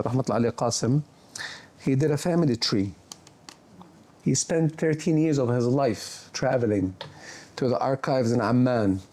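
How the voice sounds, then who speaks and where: A middle-aged man speaking as a guest surgeon, telling stories in an animated way and dropping Arabic words into his English. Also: mid-range voice. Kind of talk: conversational storytelling.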